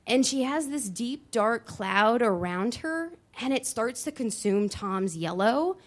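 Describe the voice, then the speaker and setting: A woman telling a personal story on stage at a live show, animated, with dramatic pauses and voice shifts. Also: a little high. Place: dance studio venue, live show.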